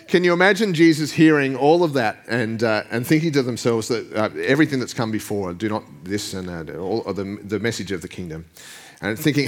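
Chuckling, casual male preacher. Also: medium pitch. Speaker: pastor. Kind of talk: sermon.

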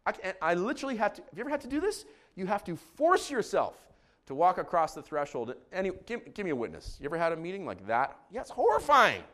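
A middle-aged man preaching a sermon as a pastor, joking and animated, shouting in acted bits. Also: high-pitched, quick pace.

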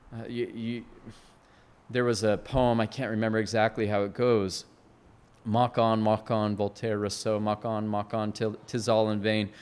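A man preaches an earnest expository sermon. His voice sits at an ordinary pitch but climbs and swells when he presses a point. He often restarts phrases and repeats words as he works through the text. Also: clear, resonant tone. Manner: earnest expository preaching, rising to emphatic peaks.

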